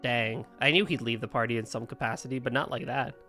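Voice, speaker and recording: A man's voice: mid-range voice, steady tone, fast, bright, forceful tone. A man streaming a game and chatting casually, laughing and reading the on-screen text aloud. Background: faint guitar game music.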